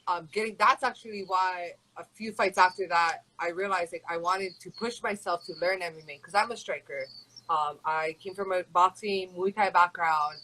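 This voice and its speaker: This MMA fighter from Hawaii is a young woman guesting in an interview, rambling along casually and leaning on "like" and "you know." Her medium-pitched voice comes across pushed and bright, and the recording quality is poor.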